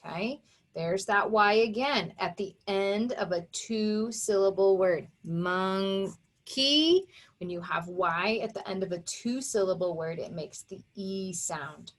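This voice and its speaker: A woman's voice: medium pitch, measured pace. A woman teacher giving a reading lesson to young children, patiently sounding out letters and syllables.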